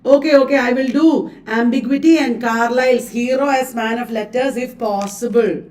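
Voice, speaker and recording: Chatty Indian woman, live literature coaching, high-ish voice, recorded from a bit back. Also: fairly even intonation, normal speed, darkish tone, far from the mic. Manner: chatty, laughs often, mixes Hindi words. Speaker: literature teacher. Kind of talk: live online exam coaching.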